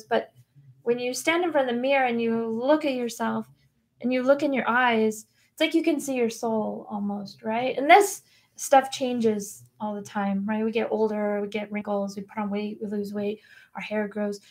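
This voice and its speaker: A woman guest on a podcast, telling her personal story in an earnest, reflective and candid way. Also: a little high. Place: podcast recording room.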